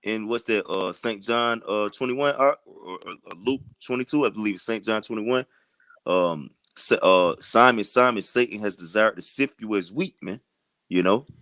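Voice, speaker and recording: A man's voice: lowish voice, normal speed, a bit bright, no echo. A man teaching scripture in a casual, repetitive way, building to emphatic questions. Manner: loose, repetitive, rising to emphatic challenges. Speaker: bible study teacher.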